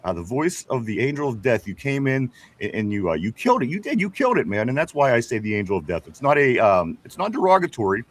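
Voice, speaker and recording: This sports talk show host talks fast in a sing-song, medium-pitched voice, hardly pausing at all. Reading viewer comments in a casual sports chat, he's chatty, repeats and trips over words, and chuckles frequently.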